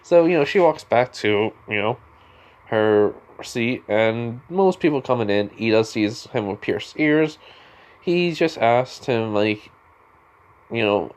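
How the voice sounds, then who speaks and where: A man tells a fan story in a loose, rambling way, circling back and restarting his sentences often. His voice sits at an ordinary middle pitch, and the telling feels offhand and unscripted. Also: lively intonation, slow pace, smooth. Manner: rambling, full of fillers and restarts. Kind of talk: casual retelling of a fan story.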